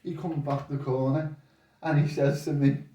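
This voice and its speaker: A man's voice: on the high side, normal speed, recorded from a distance, slight background noise. An older man, a boxing coach guest, telling rambling stories and acting out the voices of the people in them. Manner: rambling, animated retelling with quoted voices. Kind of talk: casual storytelling chat. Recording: echoey room, voice off-mic.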